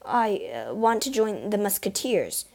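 A woman voicing a proud, hot-headed young male swordsman in a storybook reading, quick to take offense. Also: medium pitch, big pitch swings, a little mellow. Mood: hesitant.

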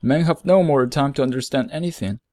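A man voicing a gentle, lonely male fox in a storybook reading, earnest and measured, explaining things slowly. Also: medium pitch, no room sound, studio quality, close to an everyday voice.

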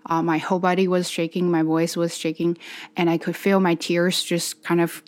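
A woman's voice: lowish voice, little pitch movement, normal speed, a little mellow. A young adult woman telling a personal story for her vlog, candid and wordy, with many restarts and fillers. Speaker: vlogger.

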